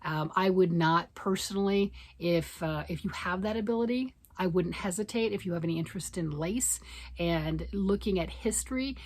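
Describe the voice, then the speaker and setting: A woman's voice: on the low side, moderate pace, slight background noise. A middle-aged American woman chatting enthusiastically to camera in a knitting vlog, with lots of fillers and restarts. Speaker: knitting vlogger. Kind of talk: casual chat to camera.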